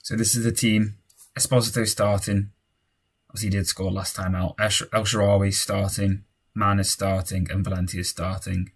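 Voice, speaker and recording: A young man casually commentating on his own football management game, cheering and shouting at goals and muttering in tense moments. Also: fairly low pitch, flat delivery, normal speed, slightly rough.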